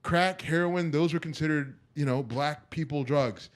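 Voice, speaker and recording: A man's voice: on the high side, normal speed. A man co-hosting a podcast, arguing his point emphatically in casual chat and checking in with "right?". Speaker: podcast co-host.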